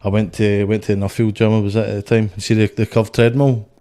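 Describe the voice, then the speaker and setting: A man's voice: lowish voice, level tone, fast, warm tone. A young Scottish man, a boxer, telling stories in a blunt, sweary, rambling way on a casual podcast. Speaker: guest, boxer.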